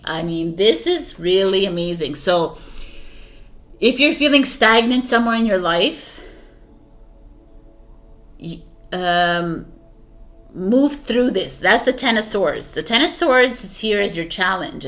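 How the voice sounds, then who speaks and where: A woman's voice: mid-range voice, a bit bright. A woman giving a casual, rambling tarot reading straight to her viewers, enthusiastic and full of restarts. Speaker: tarot reader.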